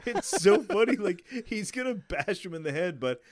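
A man's voice: high-pitched, sing-song, moderate pace, noisy background. A man in casual chat, animatedly retelling a comedy scene, swearing often and laughing mid-sentence.

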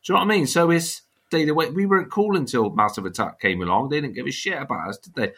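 A Bristolian man guesting on a podcast, rambling good-naturedly through his thoughts. His voice is bright and forward, and he sits at an ordinary middle pitch. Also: lively intonation, quick pace, slightly rough. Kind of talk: casual podcast chat.

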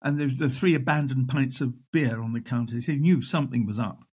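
An older man, a historian, telling wartime anecdotes in an animated way. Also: medium pitch, a little fast, slightly rough. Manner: animated raconteur, acts out voices. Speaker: historian guest. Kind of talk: storytelling interview.

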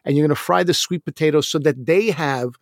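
A man from Canada co-hosting a casual food podcast, talking in rambling, animated bursts with many restarts. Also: on the high side, fairly quick, dry recording, clean studio sound. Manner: rambling, animated, self-interrupting. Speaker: podcast co-host.

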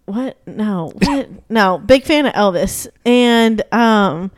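A woman's voice: mid-range voice, expressive, slow, no room sound. Chatty young woman, dry sound. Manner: chatty storyteller, laughs often, filler-heavy. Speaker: podcast co-host. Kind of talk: casual chat.

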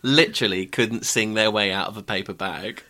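A man's voice: lowish voice, normal speed, bright, forceful tone. A young man co-hosting a podcast, chatting in an amused way and laughing easily. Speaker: podcast co-host. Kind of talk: casual chat.

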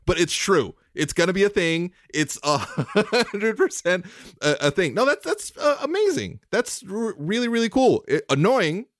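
A man's voice: high-pitched, sing-song, moderate pace, no room sound, studio quality. Emotional, rambling man podcast host. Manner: heartfelt, emotional, rambling with restarts. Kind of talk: casual chat.

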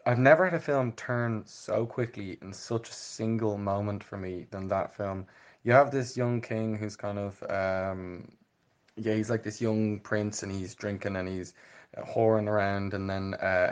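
A man with a fairly low voice offers a blunt and dismissive take on a film. He hesitates with fillers but keeps his criticism frank. It is a casual podcast co-host chat.

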